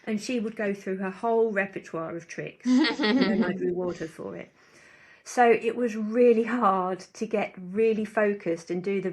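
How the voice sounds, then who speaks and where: A woman's voice: medium pitch, darkish tone. A woman dog trainer in a casual podcast conversation, explaining her points thoughtfully with frequent fillers.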